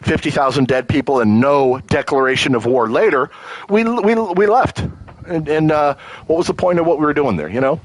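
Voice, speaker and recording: A man's voice: mid-range voice, brisk, rough recording. A man hosting a livestream, ranting about politics in a heated, profane and emotional way, often stumbling over his words as he restarts. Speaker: livestream host. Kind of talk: live political rant.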